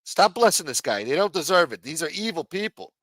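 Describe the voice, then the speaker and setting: A man's voice: on the high side, very animated, brisk, fairly bright tone, dry recording, rough recording. A man on a livestream ranting angrily and scolding a viewer, with lots of profanity. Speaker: livestream co-host. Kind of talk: heated livestream rant.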